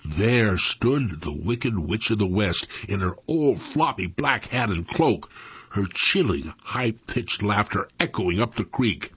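A man narrating a first-person story with an expressive, dramatic delivery. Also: lowish voice, a little slow, slightly rough, no room sound, lo-fi sound.

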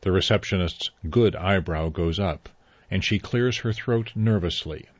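A man reading a story aloud in a measured, even way. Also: sits low, no echo, dull audio. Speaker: narrator. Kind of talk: scripted story narration.

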